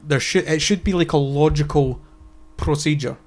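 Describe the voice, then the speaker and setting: A man's voice: a little high, normal speed. Ranting, swearing young man. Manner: animated ranting, frequent swearing and stammered restarts. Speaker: podcast co-host. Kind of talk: casual profane chat.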